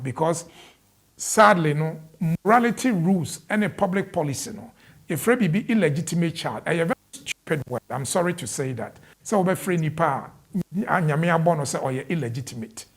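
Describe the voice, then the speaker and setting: A man's voice: a little high, gravelly, slightly rough. A man with a Ghanaian accent, an immigration adviser explaining the rules to an interviewer and slipping English legal terms into his Twi.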